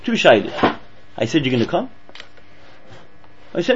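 Excitable man teaching Torah, lo-fi. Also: high-pitched, brisk, long pauses, slightly rough. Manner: excitable, repeats and restarts words. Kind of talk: animated Torah lesson.

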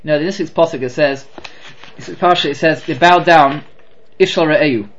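A man teaching a class on the weekly Torah portion, animated and full of rhetorical questions. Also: fairly high pitch, normal speed, highs cut off. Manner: animated, rhetorical questions, mixes Hebrew terms.

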